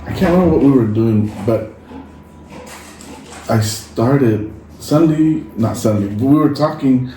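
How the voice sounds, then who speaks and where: A medium-pitched podcast co-host from Samoa, a native Samoan speaker, talks at a measured pace and pauses often while telling stories in a casual chat. He animatedly acts out quoted lines. An echoey room, a distant mic, and faint noise shape the recording.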